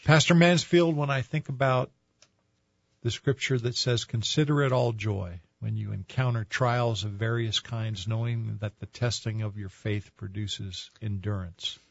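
A man interviewing a pastor, reciting scripture in a measured way before asking an earnest question. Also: lowish voice, fairly even intonation, gravelly, dry recording, dull audio.

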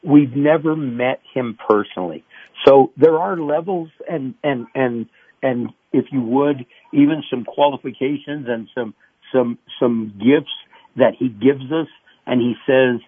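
Husky pastor on a phone line. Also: male voice, mid-range voice, unhurried, dry recording. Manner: animated, acts out voices and cries. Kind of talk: radio interview, preaching.

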